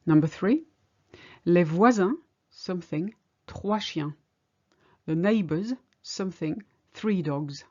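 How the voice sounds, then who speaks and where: A woman teaches a language lesson, working through each example slowly and patiently. Her voice sits fairly low, and the recording sounds a little dull and lo-fi. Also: dark tone. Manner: patient, explains step by step. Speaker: French teacher.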